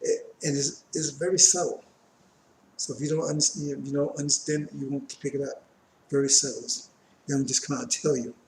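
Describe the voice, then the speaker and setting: A man's voice: mid-range voice, fairly even intonation, brisk, darkish tone, roomy sound, a little hiss or hum. A man teaching scripture in a loose, conversational way, reading verses aloud and then explaining them with many asides, his voice strained and catching on coughs. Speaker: religious teacher.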